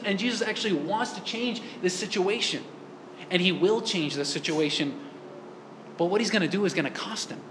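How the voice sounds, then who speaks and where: Man, sermon, high voice, echoey church, faint room ambience, earnest rhetorical questions. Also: a bit bright, a little hiss or hum. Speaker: priest.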